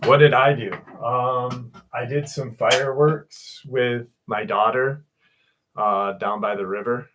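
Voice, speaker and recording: A man hosting a livestream in loose, casual chat, greeting viewers by name and swearing freely as he gets excited. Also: mid-range voice, takes it slowly, a little hiss or hum. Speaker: livestream host.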